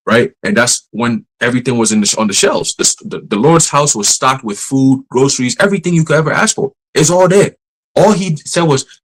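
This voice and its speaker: On a livestream, a man preaches casually, blunt and profane, laughing often and slowing down to read scripture verses. His pitch is medium, and the recording quality is low.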